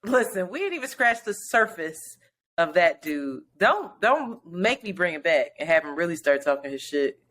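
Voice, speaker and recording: A woman's voice: fairly low pitch, big pitch swings, moderate pace, fairly bright tone. A woman co-hosting a podcast in casual chat, laughing often and acting out voices when she tells a story. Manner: laughs often, acts out voices in her stories. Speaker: podcast co-host. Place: New York.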